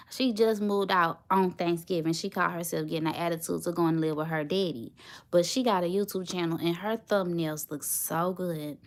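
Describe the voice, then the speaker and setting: A woman in her thirties, a tired mother and vlogger, rambling casually to her viewers. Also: medium pitch. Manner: rambling, chatty, talks straight to her viewers.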